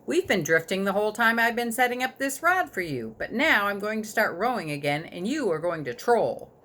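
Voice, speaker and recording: A woman reading a storybook aloud, voicing a patient father who calmly explains fishing to his son. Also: medium pitch, brisk, pitched above the performer's own voice. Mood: patient, explaining. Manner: calm, explaining, playful. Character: patient, teasing fisherman dad.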